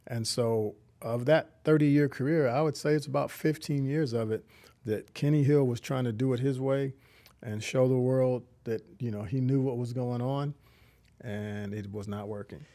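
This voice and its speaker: A man's voice: medium pitch, fairly even intonation, moderate pace, mellow. A middle-aged man giving an earnest, reflective faith testimony as an interview guest, often restarting his sentences. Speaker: guest, community founder.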